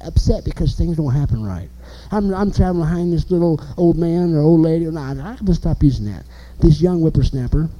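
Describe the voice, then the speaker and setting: A man preaching an informal sermon, animated and emphatic, asking the listeners questions. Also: fairly high pitch, poor audio.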